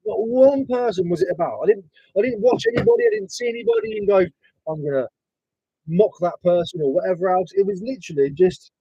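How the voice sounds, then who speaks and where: Lively, husky man chatting. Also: high voice, fast talker, dry recording, dull audio. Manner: rambling, swearing banter with viewers. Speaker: reseller streamer. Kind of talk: casual live-stream chat.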